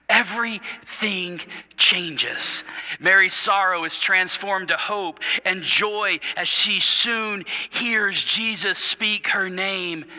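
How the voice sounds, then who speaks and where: Pastor, male, bright ringing voice, tells the story with dramatic hushes and stumbles, recorded in a big echoing sanctuary. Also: sits high. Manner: stumbles and repeats words. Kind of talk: sermon. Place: church sanctuary. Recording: reverberant church hall.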